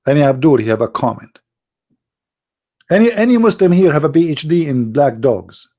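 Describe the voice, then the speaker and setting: A man hosting his channel in polemical talk, slow, emphatic and scornful. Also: on the high side, expressive, warm tone. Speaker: channel host.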